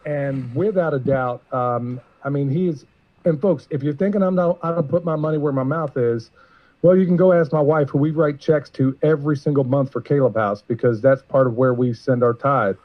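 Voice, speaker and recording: A man's voice: mid-range voice, normal speed. A man hosting a live-streamed show, introducing a guest in an earnest, emotional, rambling way. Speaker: podcast host. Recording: muffled lo-fi stream audio.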